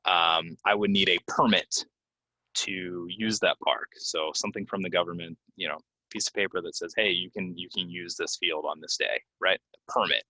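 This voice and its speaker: Male teacher, deep and bright, dry close sound, casual and filler-heavy. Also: fairly even intonation, dry recording, rough recording. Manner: casual, explains with many fillers and repeats words slowly. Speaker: English pronunciation teacher. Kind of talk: relaxed video lesson. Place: Florida.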